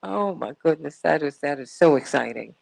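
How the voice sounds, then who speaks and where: Gravelly-voiced woman hosting talk radio. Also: sits low, expressive, moderate pace, a little mellow. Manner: chatty, exclamatory, repeats words. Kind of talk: morning talk radio chat. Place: radio studio.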